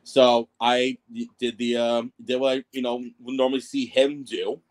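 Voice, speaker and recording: A man's voice: mid-range voice, flat delivery, normal speed. A man as a podcast guest telling his wrestling ring announcer story, rambling and self-deprecating, with lots of fillers and restarts. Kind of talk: casual storytelling interview.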